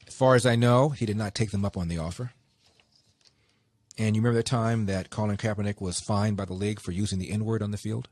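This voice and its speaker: A man's voice: fairly low pitch, fairly even intonation, fast talker, a little mellow, no echo. A man hosting a talk radio show, reading quotes aloud with a sarcastic edge and taking calls.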